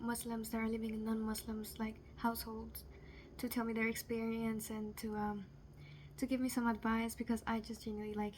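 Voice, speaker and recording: A woman's voice: fairly high pitch, slight background noise. A young woman talking to camera in a casual, rambling confessional vlog, full of fillers and nervous laughter at serious things. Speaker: vlogger.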